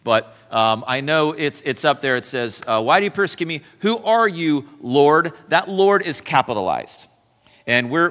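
A man's voice: mid-range voice, sharp tone. A male pastor preaching a casual, conversational sermon, often correcting himself and acting out the quoted voices. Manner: chatty, self-correcting, acts out quoted voices. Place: church sanctuary. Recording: long church reverb.

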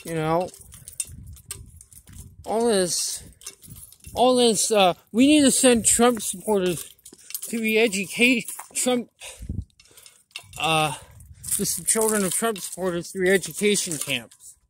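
A woman's voice: mid-range voice, lively intonation, slow pace, long pauses, a little hiss or hum. A woman vlogger delivering a blunt, profane political rant, indignant and preachy, with many restarts.

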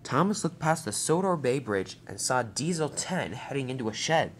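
A narrator tells a homemade toy-train story in a plain reading voice with occasional slips. The pitch sits in the middle range. A faint hiss runs under the recording. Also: very animated, moderate pace.

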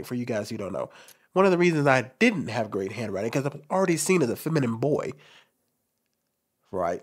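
Expressive man with a light, lively voice. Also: a little high. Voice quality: light, soft voice he calls feminine. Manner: expressive, talks with his hands, candid and forward. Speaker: commentary channel host. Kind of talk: personal monologue to camera.

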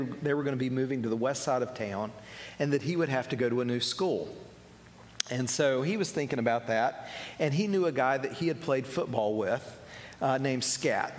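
A male preacher tells a story to a congregation at a mid pitch. He speaks gently and voices each person in the tale. His voice rings with the long reverb of a big meeting hall. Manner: gentle storyteller, voices the people in his tale, drops soft and low for tender moments. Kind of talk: sermon storytelling.

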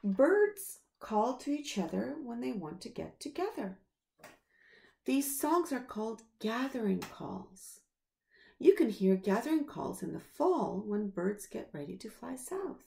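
A woman reading a children's story aloud in a slow, expressive storybook manner. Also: a little high, creaky.

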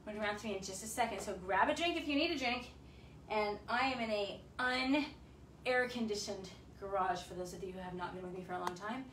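A woman's voice: medium pitch, fairly quick, a bit bright, slight background noise. A woman fitness instructor, out of breath, counting reps aloud and cheering viewers on through a bodyweight workout in her home garage. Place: un-air-conditioned home garage. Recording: echoey garage, mic at a distance.

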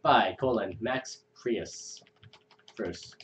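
A man hosting a live screenwriting show, reading a script aloud with quick asides. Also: fairly low pitch, a little hiss or hum. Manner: animated, quick asides between script lines. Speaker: host reading a viewer script. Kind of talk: live chat critique.

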